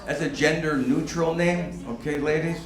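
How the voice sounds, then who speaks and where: A man doing a stand-up comedy set in a brash, profane way, with animated bursts. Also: a little high, normal speed, crowd noise. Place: comedy stage before a live audience. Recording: echoey room with loud background noise.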